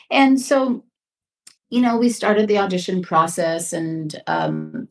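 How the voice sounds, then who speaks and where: Woman, interview guest, animated storyteller, gravelly lower voice. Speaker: actress guest.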